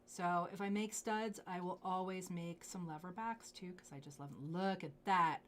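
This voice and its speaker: A woman hosting a live jewelry sales show, gushing over pieces and dropping into hushed asides. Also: on the low side, normal speed, slight background noise. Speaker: jewelry live-stream host.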